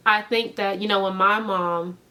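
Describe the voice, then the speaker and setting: Animated woman in her thirties reviewing books. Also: medium pitch, normal speed. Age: 30s. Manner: animated, emphatic, rhetorical questions. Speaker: book reviewer. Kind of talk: casual book review vlog.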